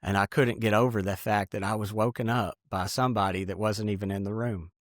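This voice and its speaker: A man giving an earnest, halting personal testimony in an interview. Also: lowish voice, steady tone, no room sound, clean studio sound.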